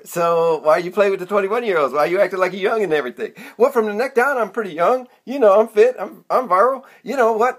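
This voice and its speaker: A man's voice: high voice, fairly bright tone. A man in his sixties telling a rambling comic monologue to camera, chatty and self-mocking, drifting off into side stories. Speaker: comedic vlogger.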